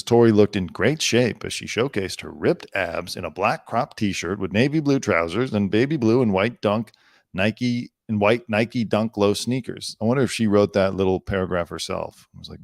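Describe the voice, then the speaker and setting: A man's voice: fairly low pitch, normal speed, creaky, no room sound, studio quality. Sarcastic male entertainment news host. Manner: sarcastic, rambling riffs between read-out headlines. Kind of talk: casual news commentary.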